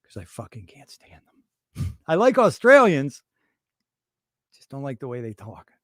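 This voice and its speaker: A man's voice: mid-range voice, huge pitch swings, unhurried, no room sound, clean studio sound. A man hosting a casual livestream, rambling in irreverent, conspiratorial banter with his chat. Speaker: livestream host.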